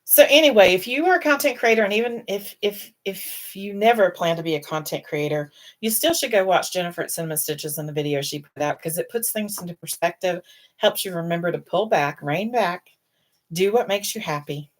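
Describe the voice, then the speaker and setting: A woman's low, unhurried voice carries a casual live-stream chat. She rambles from one thought to the next and sounds on the edge of crying. She comes across as middle-aged and speaks as the host of her own show. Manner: rambling, emotional, fighting back tears.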